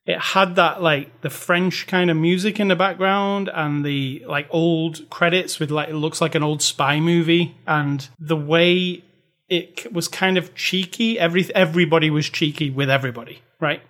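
Higher-voiced man, rambling movie chat. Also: fairly even intonation, moderate pace, a bit bright. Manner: rambling, hedges a lot with "like" and "you know". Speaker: podcast co-host. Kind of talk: casual movie review chat.

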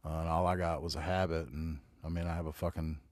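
Brief: very low-voiced Southern man in his forties, loose profane podcast monologue, dry close mic. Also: little pitch movement, fast, a little mellow, no echo. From North Carolina. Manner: rambling, profane, laid-back storytelling. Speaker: podcast host. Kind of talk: casual solo podcast monologue.

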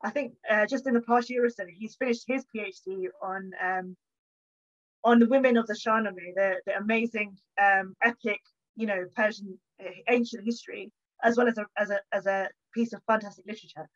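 A woman historian, a guest on an interview, telling stories in an animated conversational way from her home. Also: mid-range voice, a little fast, highs cut off. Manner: animated storyteller, acts out quoted exchanges. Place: home, bookshelf behind her.

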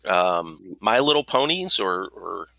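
A man's voice: sits low, very animated, takes it slowly, vocal fry, bright, forceful tone, no room sound. A man co-hosting a podcast in casual chat, joking and swearing with many fillers. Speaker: podcast co-host.

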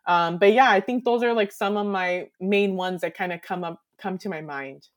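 A woman's voice: medium pitch, normal speed. A woman guest on a podcast, talking in a reflective, earnest way with lots of fillers. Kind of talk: casual conversational interview.

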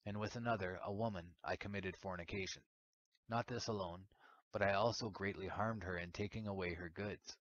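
A man's voice: low-pitched, steady tone, normal speed, a bit bright. A man voicing the soul of a male sinner who confesses his deeds plainly. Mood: confessing. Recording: dull lo-fi recording.

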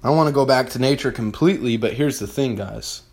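A young man talks straight at his listeners in a blunt, fired-up motivational rant. He swears freely and hammers his points home. His voice sits at an ordinary middle pitch for a man. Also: a little fast, darkish tone. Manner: blunt, profane and fired-up, addressing listeners directly. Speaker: podcast host. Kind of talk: motivational monologue.

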